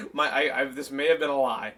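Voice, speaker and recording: A young man hosting a laid-back podcast from his desk at home, with a voice of ordinary middle pitch. He jokes and teases his co-host and breaks into laughter often. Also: big pitch swings, moderate pace, pushed and bright, breathy edge. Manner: joking, teasing, laughs often. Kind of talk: casual podcast chat. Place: at a desk in a home streaming setup.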